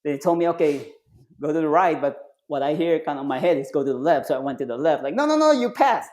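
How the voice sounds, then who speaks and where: A man with a slightly high-pitched voice chats as a podcast guest. He tells stories in a loose, animated way, full of restarts, and keeps jumping up in pitch to act out what others said. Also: fast talker. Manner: animated, acts out quoted voices with jumps in pitch; loose phrasing with frequent restarts and fillers. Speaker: podcast guest, retired Navy SEAL and triathlete. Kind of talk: casual storytelling in conversation.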